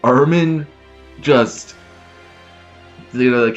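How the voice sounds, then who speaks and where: A man's voice: medium pitch, takes it slowly, pauses often, highs cut off, soft background music. A man hosting a reaction channel, recapping an episode in a casual, rambling way with lots of fillers. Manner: animated, rambling retelling with many fillers.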